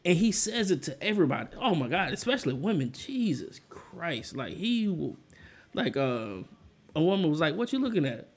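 A young man in casual chat, an animated storyteller who laughs often. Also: on the high side, moderate pace.

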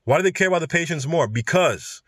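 A man's voice: fairly high pitch, animated, fast talker, fairly bright tone, dry recording, studio quality. A man hosting a podcast, ranting through the news in a casual, slangy way full of rambling asides. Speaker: podcast host. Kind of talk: casual news commentary rant.

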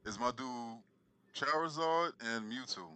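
A man's voice: mid-range voice, unhurried, bright, forceful tone, dry recording. A man from New York with a partly Southern accent, a podcast guest telling stories bluntly and with a lot of swearing. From Queens, New York. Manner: blunt, profane, rambling storyteller. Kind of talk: casual podcast banter.

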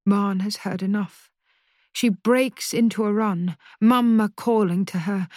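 Slow, measured woman narrating. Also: mid-range voice, darkish tone, dry recording, studio quality. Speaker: audiobook narrator. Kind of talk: scripted narration.

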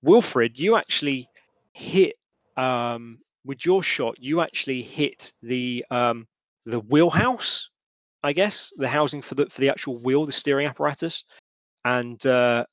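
A man narrating as game master of a tabletop role-playing game, halting and full of restarts. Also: mid-range voice, fairly bright tone, no echo. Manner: halting, lots of restarts and fillers.

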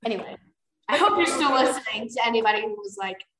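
A woman's voice: on the high side, animated, quick pace, echoey room, a crowd in the background, poor audio. A woman co-hosting a book podcast, chatting casually in a rambling way with many fillers. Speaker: podcast co-host.

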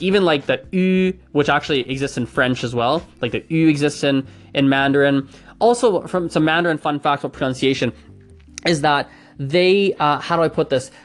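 A man casually explaining pronunciation facts, chatty and hedging, trying out sounds aloud as he goes. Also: medium pitch. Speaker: language enthusiast explaining pronunciation.

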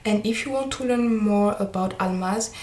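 A woman's voice: mid-range voice, moderate pace, darkish tone. A woman with a French accent, a native French speaker, hosting an unscripted solo podcast intro in a candid, slightly hesitant way. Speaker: podcast host. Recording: roomy echo.

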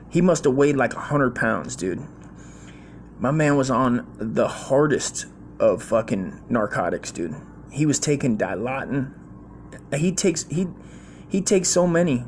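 A man's voice: medium pitch, slight background noise. A man in his forties telling a rambling, slangy, profane story in a casual way.

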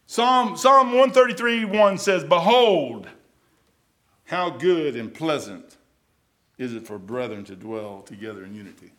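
A middle-aged pastor preaches in a folksy, talk-to-you manner, his voice sitting a bit high for a man. He drifts into quiet asides, then breaks into loud, shouted bursts. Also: animated, measured pace. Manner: folksy, conversational preaching with sudden loud outbursts. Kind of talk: sermon.

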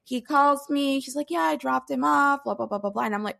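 Animated mom telling stories. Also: female voice, high-pitched, fairly quick, creaky. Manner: animated storyteller, excitable. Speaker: podcast co-host. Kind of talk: casual chat.

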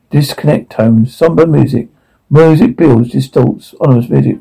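A man reading out sound captions for a film in a flat, matter-of-fact way. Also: mid-range voice, normal speed, creaky, slightly rough, rough recording. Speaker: audio describer.

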